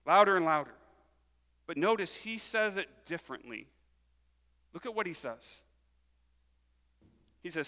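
A man preaching a sermon, reading scripture and retelling it with animated storytelling and acted-out voices. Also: fairly high pitch, moderate pace, pauses often, in a large hall. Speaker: pastor.

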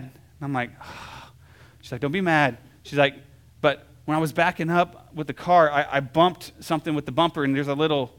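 A young adult man delivers a casual sermon in an easygoing, conversational style, his voice pitched a little high. He keeps checking in with listeners and fills his speech with "like" and "right?". His storytelling turns animated, sinking soft before rising loud.

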